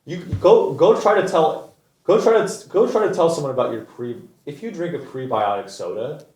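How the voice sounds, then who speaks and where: A man's voice: on the high side, expressive, moderate pace, darkish tone. A man hosting a comedy show, delivering an exasperated, profane rant. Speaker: comedian host. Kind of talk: ranting comedic monologue. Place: studio. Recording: echoey new studio, botched audio.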